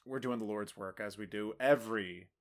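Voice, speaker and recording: A man's voice: on the low side, normal speed. A man co-hosting a podcast in casual chat, joking and rambling with lots of fillers. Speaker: podcast co-host.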